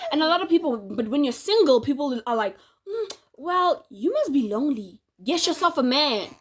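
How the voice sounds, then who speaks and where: A woman who vlogs and podcasts delivers a casual, relaxed monologue straight to camera, sharing opinions with her audience. Her voice sits a little high, and she laughs often between points.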